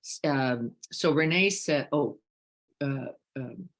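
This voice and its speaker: A woman meditation teacher giving a reflective dharma talk, asking many questions and moving between hushed and emphatic moments. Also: very deep voice, slow pace. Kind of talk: reflective dharma talk, reading participant comments.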